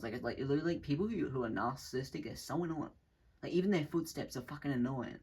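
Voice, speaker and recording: A man's voice: mid-range voice, quick pace, slightly rough, low-quality recording. A man talking off the cuff in a casual monologue, rambling with restarts and swearing, now and then acting out other people's voices. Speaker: channel host.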